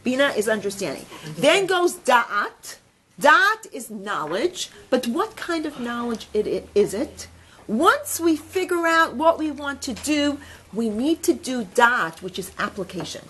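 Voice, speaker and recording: A woman teaching a women's religious class, telling a story in an animated, chatty way with many fillers. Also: fairly high pitch, measured pace, breathy edge. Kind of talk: storytelling lesson.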